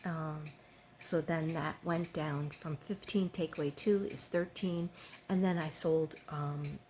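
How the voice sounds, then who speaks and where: A woman's voice: fairly low pitch, darkish tone, slight background noise. Chatty older woman, rambling vlog. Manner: rambling, chatty, frequent ums and restarts. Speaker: vlogger. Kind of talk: casual chat to viewers.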